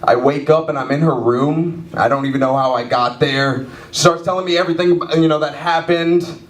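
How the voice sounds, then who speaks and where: A man in his twenties doing stand-up storytelling in a comedy club, animated and self-mocking, mimicking sound effects. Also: a little high, moderate pace, slight background noise. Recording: echoey club heard from far off. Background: audience laughing.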